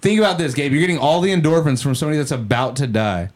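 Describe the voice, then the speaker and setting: A man's voice: fairly high pitch, racing. A young man co-hosting a podcast, talking crudely and casually, joking and laughing often. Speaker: podcast co-host. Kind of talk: casual chat.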